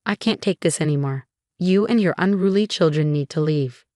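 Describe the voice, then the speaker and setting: Lady narrator doing a shrill snooty sister-in-law, scornful, lowish pitch, dry sound. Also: normal speed, darkish tone, dry recording, close to an everyday voice. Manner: scornful, complaining. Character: snobbish, shrill adult sister-in-law, woman.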